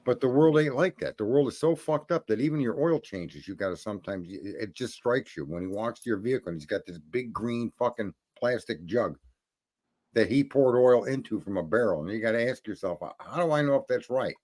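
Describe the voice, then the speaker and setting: A man's voice: mid-range voice, animated, fairly quick, darkish tone. A man hosting a live stream, chatting and telling stories in a blunt, profane, rambling way. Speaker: stream host. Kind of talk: casual chat.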